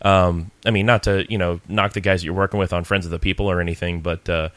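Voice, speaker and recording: A man's voice: deep voice, flat delivery, fast talker, fairly bright tone, no echo. A man co-hosting a podcast, rambling with lots of fillers in casual chat. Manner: rambling, filler-heavy, friendly. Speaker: podcast co-host.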